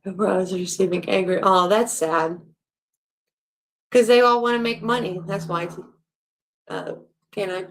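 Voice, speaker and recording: Indignant gravelly-voiced woman host. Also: mid-range voice, steady tone, unhurried, pauses often. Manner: indignant, blunt, swears freely. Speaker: channel host. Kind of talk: casual ranting livestream chat.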